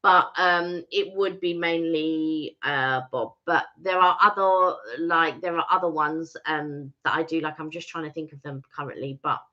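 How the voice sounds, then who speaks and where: Female stream co-host, bright and crisp tone, casual rambling, dull audio. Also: low voice, fairly even intonation, unhurried, hardly any pauses. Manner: chatty, rambling with restarts. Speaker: livestream co-host. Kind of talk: casual live chat.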